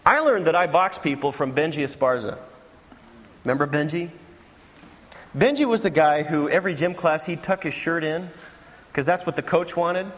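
A man's voice: on the high side, moderate pace, long pauses, in a large hall. A man preaching a sermon to his congregation, telling stories and acting out mocking voices. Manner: animated storytelling with mocking impressions. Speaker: pastor.

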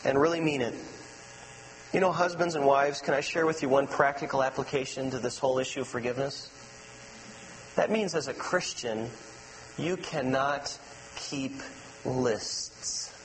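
A man preaching a sermon as pastor, telling personal stories with animation and dropping to a soft, low voice for emphasis. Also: steady tone, moderate pace, long pauses. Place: church sanctuary. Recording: long hall reverb with faint mains hum.

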